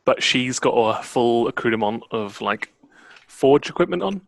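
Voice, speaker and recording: A relaxed, chatty man guides his players through a tabletop adventure as dungeon master. His voice sits at a middle pitch, and the recording is dry and close, with no room echo. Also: moderate pace, creaky. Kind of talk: running a tabletop game.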